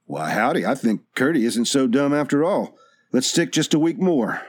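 A man's voice: mid-range voice, expressive, normal speed, pitched above the performer's own voice, lightly acted. A man voicing a hot-tempered, suspicious prospector in an audiobook, with a sneering, snarling manner. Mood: scheming.

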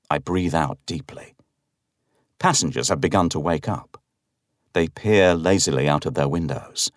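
A man giving a dramatic, expressive first-person narration of a horror story. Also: rumbling low, unhurried, no room sound, studio quality.

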